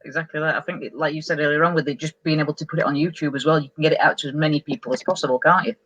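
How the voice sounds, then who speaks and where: A woman's voice: low voice, fairly even intonation, very fast, a bit bright, highs cut off. A woman hosting a casual livestream interview over a video call, chatty and encouraging. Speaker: host.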